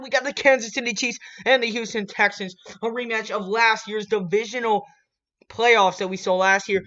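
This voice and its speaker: Young male sports vlogger, bright tense voice, hyped, bursts into shouts, dull lo-fi recording. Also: extremely high pitch. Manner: hyped, swings from muttering to shouting. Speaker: sports channel host. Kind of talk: casual sports prediction vlog.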